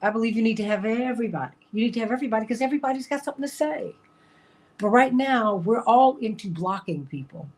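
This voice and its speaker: A woman's voice: a little high, lively intonation, fast talker. A woman hosting a talk show, talking casually and emphatically, repeating her points and laughing often.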